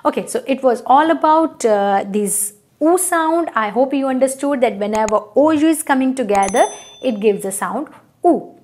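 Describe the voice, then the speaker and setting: A woman's voice: sits high, animated, moderate pace, darkish tone. A woman, teaching a language lesson. She repeats each word and keeps checking in with "right?". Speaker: French teacher.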